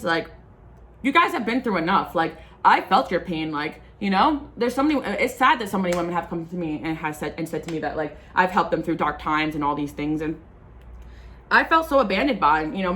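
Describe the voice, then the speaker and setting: Impassioned woman with a lowish voice. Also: a bit bright. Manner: impassioned, rambling, frequent fillers. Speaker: spiritual tarot reader. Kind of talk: casual monologue to camera.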